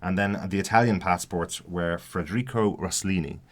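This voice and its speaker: Deep-voiced guy on a tv podcast, lots of uhs, stops and starts. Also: moderate pace. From outside the US. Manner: hesitant, many fillers and restarts. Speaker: podcast co-host. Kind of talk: casual TV review chat.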